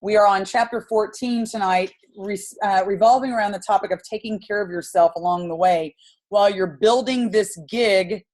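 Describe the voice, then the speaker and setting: A woman's voice: mid-range voice, darkish tone. A woman in her forties hosting a business team video call, telling a story in a chatty, enthusiastic, rambling way with plenty of fillers.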